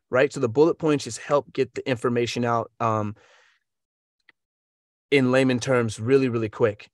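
Energetic coach from the US, mid-pitched man, dry close recording, tosses in playful sound effects. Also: normal speed, pauses often, no echo. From United States. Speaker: voiceover coach. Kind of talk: casual advice.

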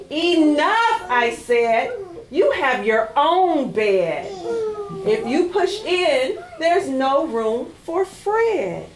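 Brief: librarian woman, slow and lively storytime reader, a bit high, roomy echo. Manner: sing-song, animated, coaxing kids to join in. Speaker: children's librarian. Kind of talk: storytime read-aloud. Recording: echoey room.

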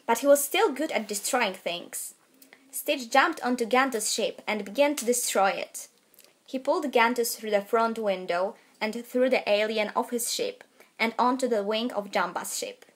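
A teenage girl narrating a storybook in a steady, careful read. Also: a little high. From Poland. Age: late teens. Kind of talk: student audiobook narration.

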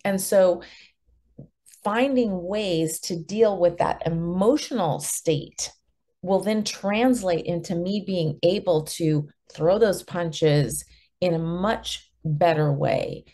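A woman's voice: fairly low pitch, takes it slowly, mellow. A middle-aged woman speaking as a guest in a conversational podcast interview, reflective and earnest. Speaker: guest, martial arts master and author.

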